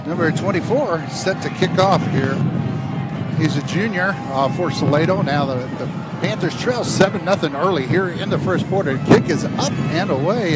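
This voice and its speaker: A man doing play-by-play commentary on a high school football game on a headset, talking loosely with lots of fillers and restarts. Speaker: play-by-play announcer.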